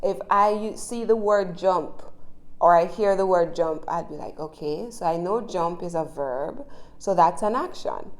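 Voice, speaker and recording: A woman's voice: on the low side, a little slow. A woman with a Jamaican accent teaching English in a chatty, encouraging way, often checking in with the listener. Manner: chatty, encouraging, frequent tag questions. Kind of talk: casual spoken lesson.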